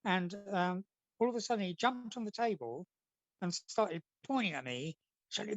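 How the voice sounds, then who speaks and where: Bright, high-pitched, and animated, a comic artist speaks at a moderate pace during a casual interview. He spins long, rambling stories, imitating the people he quotes. The recording is rough and dry, with no room around it.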